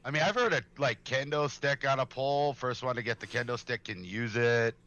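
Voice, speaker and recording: A man co-hosting a podcast in casual, joking chat, quick to laugh. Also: medium pitch, highs cut off, a crowd in the background. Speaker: podcast co-host.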